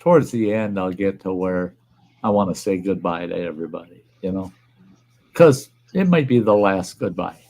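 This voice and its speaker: An older man, his low voice full of gravel and fry. He hosts a relaxed chat and says what he thinks with blunt, profane plainness. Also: moderate pace, low-quality recording. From Upper Midwest US. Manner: blunt, plainspoken, swears freely. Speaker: livestream host. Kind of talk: casual chat.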